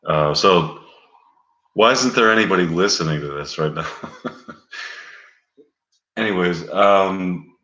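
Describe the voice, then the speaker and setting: Deep, slow-drawling rambling male storyteller. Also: pushed and bright, echoey room, lo-fi sound. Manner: meandering, full of fillers and stalls. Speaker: comedic storyteller. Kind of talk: improvised rambling comic monologue.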